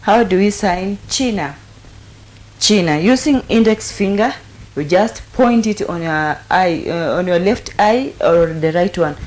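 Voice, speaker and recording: A woman's voice: fairly low pitch, darkish tone. A woman teaching sign language in a patient, repetitive way, with frequent fillers and restarts. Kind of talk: instructional explanation.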